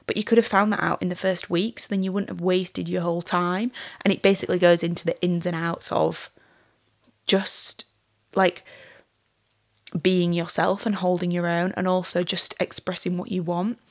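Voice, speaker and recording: A woman's voice: lowish voice, little pitch movement, normal speed. A young woman hosting a solo podcast, talking candidly and casually with plenty of fillers and swearing. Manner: candid, chatty, swears freely, many "like" fillers. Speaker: podcast host.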